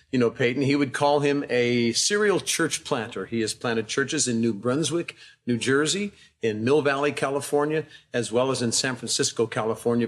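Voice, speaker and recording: Home pastor, man in his 60s, mid-pitched, warm and affectionate introducer. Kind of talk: church welcome and introduction.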